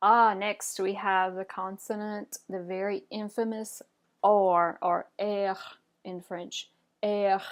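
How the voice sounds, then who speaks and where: In a French pronunciation lesson, a woman teacher guides learners with patience and encouragement. Her pitch sits in the middle range, and she models every example slowly and clearly before asking students to have a go.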